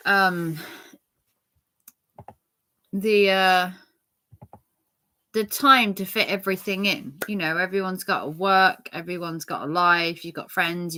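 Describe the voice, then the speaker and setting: A woman's voice: on the low side, pushed and bright. A middle-aged woman chatting casually to her viewers, rambling with lots of fillers and restarts. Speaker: channel host.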